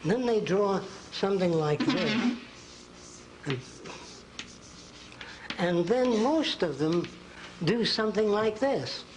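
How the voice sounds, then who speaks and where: A man's voice: sits high, animated, slow pace, pauses often, background noise. An older man giving a folksy college lecture at a blackboard, acting out quotes. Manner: folksy, drawing on a blackboard while talking, acts out quotes. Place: lecture hall.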